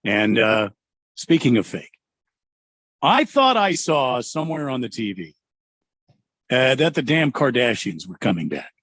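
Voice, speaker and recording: A man's voice: medium pitch, sing-song, a little slow, pauses often, fairly bright tone, no room sound. A man in his sixties co-hosting sports talk radio, folksy and grumbling, with many fillers. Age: 60s. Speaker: radio co-host.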